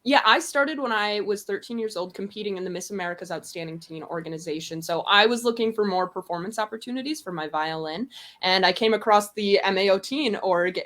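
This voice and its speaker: A young woman from Wisconsin, in her twenties, chats as a podcast guest. Her talk is upbeat and lively, and she laughs often between her stories. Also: medium pitch. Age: 20s. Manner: upbeat and chatty, quick to laugh. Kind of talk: casual conversation.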